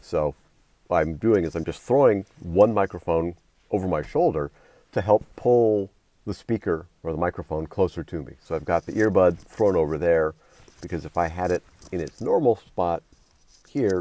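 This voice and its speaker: Low-voiced man talking through a test. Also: expressive, normal speed, mellow. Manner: thinking aloud, explaining step by step. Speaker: vlogger testing microphones. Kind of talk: casual demonstration. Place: inside a parked car. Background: faint car engine hum.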